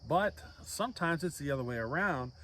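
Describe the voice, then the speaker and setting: A man's voice: fairly high pitch, lively intonation, a little fast, a bit bright, a little hiss or hum. A man hosting a chainsaw channel, chatting casually to the camera in a folksy, rambling way with lots of fillers, outdoors.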